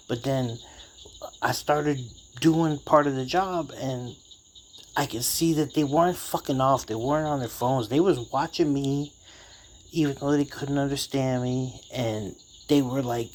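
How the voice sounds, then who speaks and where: A man's voice: mid-range voice, normal speed, darkish tone, a little hiss or hum. A man telling a casual story, rambling and profane, full of streetwise slang.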